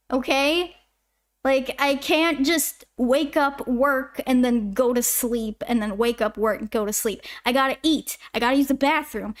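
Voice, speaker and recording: A twenty-year-old woman from Canada, a YouTube animator, chatting casually on a livestream as she answers chat questions in a rambling way. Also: sits high. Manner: chatty, rambling, self-interrupting.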